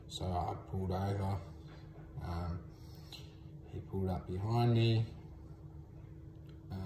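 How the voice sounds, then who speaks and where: A man's voice: sits low, reverberant, noisy background. A man with an Australian accent casually recounting a story to the camera, laid-back and drawling, with frequent ums. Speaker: vlogger.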